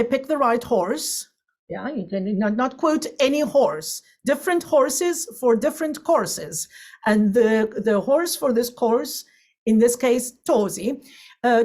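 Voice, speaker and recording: A woman's voice: a little high, a little mellow. A woman giving an online lecture on singing, chatty and digressive, with many fillers and restarts. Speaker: voice teacher.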